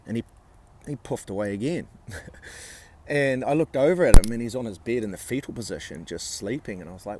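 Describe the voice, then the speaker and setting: A man vlogging, telling a personal story in a blunt, sweary way with halting restarts. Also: lowish voice, darkish tone, slight background noise.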